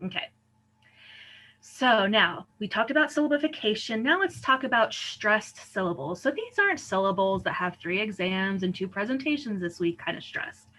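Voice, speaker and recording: A woman teacher explaining a lesson in clear steps, often checking in with "right?". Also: medium pitch, animated, normal speed, bright, forceful tone. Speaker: Spanish teacher. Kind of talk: recorded lesson.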